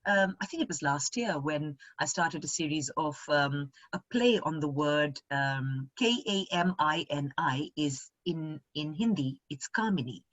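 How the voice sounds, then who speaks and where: Woman, middle-aged, husky, expressive, guest, dry sound. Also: deep voice, a little slow, hardly any pauses, dry recording, lo-fi sound. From India. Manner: animated, expressive storyteller. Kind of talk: casual conversation.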